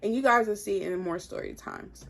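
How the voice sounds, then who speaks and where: A young woman vlogger telling a personal story in an animated, casual way, full of "like". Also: medium pitch, fairly quick, vocal fry, slightly rough. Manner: animated, heavy filler "like". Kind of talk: storytime vlog.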